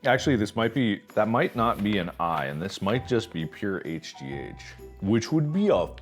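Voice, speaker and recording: A man's voice: on the low side, big pitch swings, moderate pace, soft background music. A man in his thirties hosting a casual snack review, joking and rambling, sometimes talking with his mouth full. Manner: jokey, rambling, talks while chewing.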